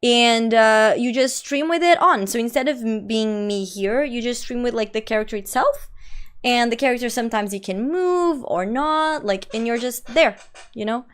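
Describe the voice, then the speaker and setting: A woman's voice: a little high, moderate pace, clean tone. A young adult woman streamer chatting casually and reading her chat aloud. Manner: chatty, reads chat aloud, frequent laughs and "like".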